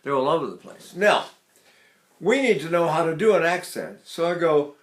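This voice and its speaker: A man's voice: fairly high pitch, lively intonation, normal speed. An older man teaching vocal technique, explaining in a loose, chatty way and singing short demonstrations.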